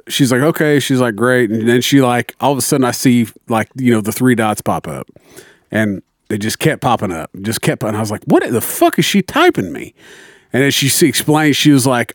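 A man's voice: mid-range voice, no echo. Profane storytelling man, dry close sound. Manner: profane, animated storytelling with quoted dialogue. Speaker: friend telling a story. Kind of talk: casual chat.

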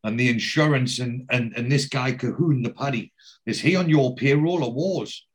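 A man's voice: mid-range voice, moderate pace, natural voice. A man voicing a blunt male businessman fretting over costs in a casual retelling. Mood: worried.

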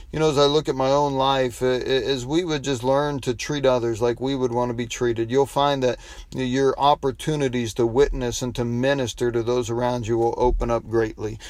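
A man's voice: medium pitch, a little mellow, no echo. Folksy male pastor, dry close sound. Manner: folksy storytelling, frequent restarts. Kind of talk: devotional sermon with prayer.

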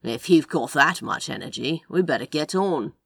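A woman's voice: deep voice, animated, moderate pace, vocal fry, fairly bright tone, husky, no echo, heavily acted. A woman voicing a grumpy, brusque man with a slight Scottish accent, speaking in short blunt sentences in a storybook reading.

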